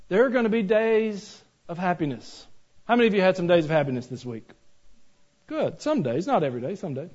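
A man preaching a sermon, animated and joking, with rhetorical questions to the congregation. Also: a little high, husky. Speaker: pastor. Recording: dull lo-fi recording.

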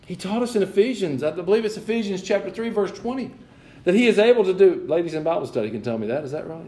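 A man's voice: a little high, big pitch swings, fairly quick, warm tone. A man preaching a sermon in church, swinging between emphatic points and chatty asides to the congregation. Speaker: pastor.

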